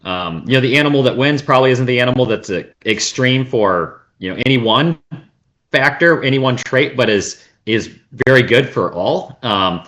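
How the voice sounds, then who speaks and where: A man's voice: mid-range voice, expressive, moderate pace, a bit bright. A man, a meat science expert, explaining on a video call, thinking aloud with many fillers and restarts. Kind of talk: explanatory conversation.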